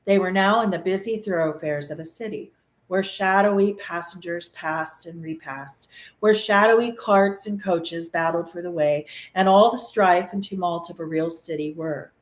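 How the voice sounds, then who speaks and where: A woman reading a classic novel aloud with expressive, animated storytelling, in a room of an old mansion. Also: lowish voice, moderate pace. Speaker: reader. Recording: echoey room.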